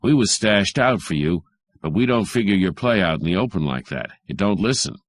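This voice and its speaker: Male reader doing a coarse, ungrammatical cop heavy, pushed up in pitch. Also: lively intonation, brisk, no echo. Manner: coarse, ungrammatical tough talk. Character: coarse, gray-haired male cop sidekick.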